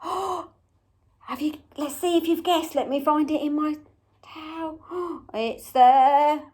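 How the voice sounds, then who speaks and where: A young woman leading a memory game for small children, gasping with surprise and making animal sounds. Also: sits high. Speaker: early years teacher.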